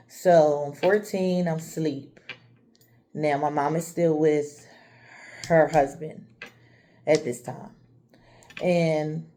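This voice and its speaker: A woman's voice: low voice, warm tone. A woman from the Chester, Pennsylvania area telling her own life story candidly and speaking straight to her viewers. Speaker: vlogger. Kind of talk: personal storytelling vlog.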